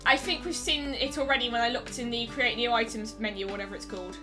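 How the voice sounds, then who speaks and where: A woman's voice: a little high, steady tone, quick pace. A woman hosting a let's play, giving chatty, wry commentary that nitpicks the game, with game music behind. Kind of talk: gameplay commentary.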